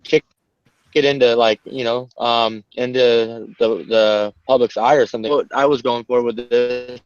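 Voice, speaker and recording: Guy on a call talking in stops and starts, smooth voice, dry muffled audio. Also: mid-range voice, steady tone, no echo. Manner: halting, many restarts and fillers. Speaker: call guest. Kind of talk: casual discussion. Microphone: online call.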